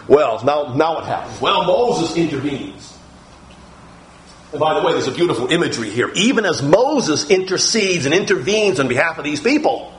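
A man preaching a sermon, reading scripture aloud and acting out the quoted voices with sudden, dramatic lifts in his voice. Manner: animated, acts out quoted speech with big pitch jumps.

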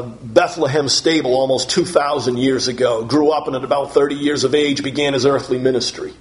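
A man preaching a sermon, emphatic, piling up synonyms and rising to shouts on key words, and putting questions to the congregation. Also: medium pitch. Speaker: pastor.

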